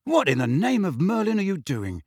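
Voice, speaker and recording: A man's voice: high voice, huge pitch swings, normal speed, creaky, a little mellow, breathy edge, no room sound, studio quality, voice pushed up, exaggerated voice. A man voicing an awkward teenage boy who hedges and mumbles, in an audiobook. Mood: evasive. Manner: hesitant and mumbling. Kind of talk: audiobook character voice.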